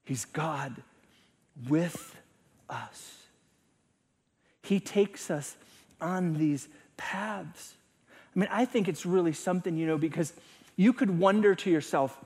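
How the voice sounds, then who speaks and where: A middle-aged male pastor preaches a sermon, swinging between loud emphasis and hushed, near-whispered lines. His high voice has lively intonation and a breathy edge, and he speaks a little slowly.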